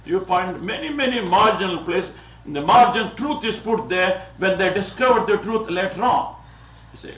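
High-voiced man preaching from India. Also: expressive, normal speed, a bit bright. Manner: digressive, chuckling, repeats phrases with "you see". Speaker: visiting Bible teacher. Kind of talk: lecture-style sermon. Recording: dull, roomy, distant old recording.

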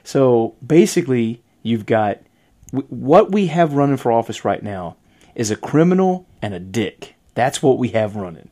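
A man's voice: mid-range voice, very animated, normal speed, dark tone. A man hosting a casual podcast chat, rambling, trailing off and laughing often. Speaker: podcast host.

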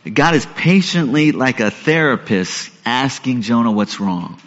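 A man's voice: mid-range voice, lively intonation, a little slow, fairly bright tone. A man preaching a sermon in an earnest, conversational way, asking his listeners questions. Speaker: pastor. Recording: echoey hall, dull lo-fi sound.

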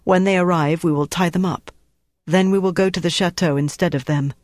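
A narrator voicing a determined female resistance leader in an audiobook, low, firm and clipped. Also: steady tone, a little fast, a little mellow, no echo, natural voice. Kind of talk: audiobook character voice.

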